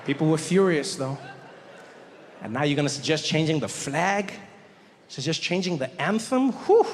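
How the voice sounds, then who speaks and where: A man with a South African accent doing a stand-up set in a theater, animated and mocking in a conversational way. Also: fairly high pitch, unhurried, pauses often, long reverb tail. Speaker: stand-up comedian.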